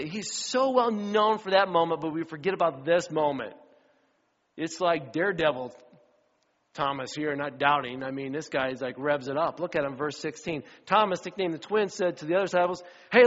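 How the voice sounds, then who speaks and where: A middle-aged man preaching a sermon as pastor, animated storyteller who acts out the voices of the people in his stories. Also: on the high side. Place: church sanctuary. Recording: dull sound with long hall reverb.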